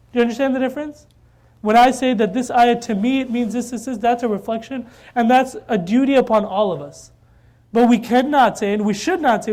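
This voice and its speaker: A man's voice: very high voice, darkish tone. A man giving an informal religious talk at a mosque, conversational and repeating phrases for emphasis.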